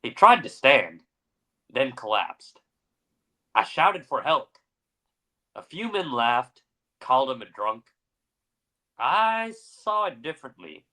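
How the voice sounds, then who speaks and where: A young man co-hosts a podcast, moving from dramatic story narration into casual chat. His voice has a bright, forward tone. He keeps an unhurried pace. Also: mid-range voice, sing-song. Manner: narrates dramatically, then chats with fillers. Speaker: podcast co-host.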